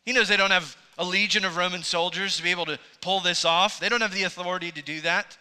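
Bright-voiced man preaching a sermon. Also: steady tone, fast talker, clear, resonant tone. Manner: expository preaching, voice rising to emphatic peaks and dropping low. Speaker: pastor.

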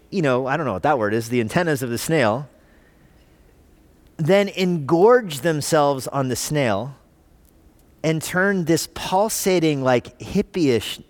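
Male pastor, sermon delivery, higher voice with a lively swing, dry close sound. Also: dry recording. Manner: animated, conversational preaching with rhetorical questions. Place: church.

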